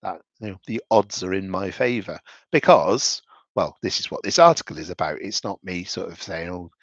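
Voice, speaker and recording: A man talks through investment charts in a loose, thinking-aloud way, often restarting his sentences. His voice sits low. The recording is dry and slightly dull. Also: expressive, normal speed, a bit bright, no echo. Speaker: investment commentator. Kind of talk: casual market commentary over charts.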